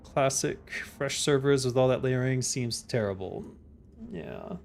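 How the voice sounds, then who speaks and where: Male streamer, mid-pitched, laid-back chat with viewers, faint music underneath. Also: unhurried, gravelly. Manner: relaxed, chatty, reads chat aloud and answers it. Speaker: game streamer. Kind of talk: casual live-stream chat while gaming.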